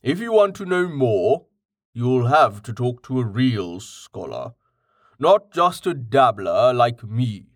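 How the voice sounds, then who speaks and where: Dude doing a calm know-it-all guide type, patient, slow, dry sound. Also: male voice, mid-range voice, dry recording. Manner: patient, explanatory, matter-of-fact. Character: patient man, well-read, calmly explaining.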